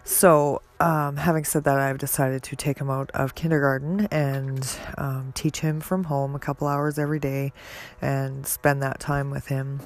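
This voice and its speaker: A woman hosting a podcast, speaking in an earnest, halting personal monologue with many pauses and fillers. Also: very deep voice, fairly even intonation. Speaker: podcast host.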